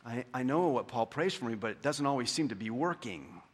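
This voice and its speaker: Delivering a sermon, this male pastor has a medium pitch and lively intonation. His preaching climbs to fervent, emphatic heights before easing into a soft, slow delivery for scripture.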